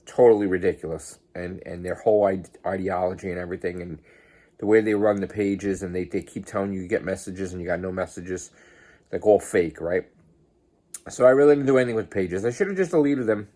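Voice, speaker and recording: A man hosting a podcast, ranting to camera in an angry, swearing, agitated way. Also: lowish voice. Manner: swears heavily, grows agitated and loud. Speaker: podcast host. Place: pizzeria, on a work break.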